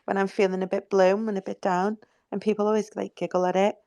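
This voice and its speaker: A woman's voice: medium pitch, flat delivery, fast talker, a little mellow, no echo, studio quality. A woman in a casual group voice chat, talking in a soothing, reassuring way and swearing freely.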